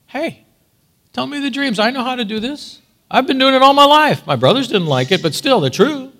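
A preacher acting out a boastful young man who brags about his gift, in a high, showy voice. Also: expressive, normal speed, pushed and bright, full character voice. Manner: cocky, showing off.

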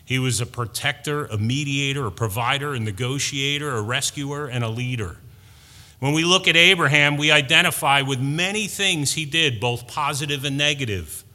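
A middle-aged man preaching a sermon, slow and deliberate, building to emphatic peaks. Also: medium pitch, sharp tone, in a large hall.

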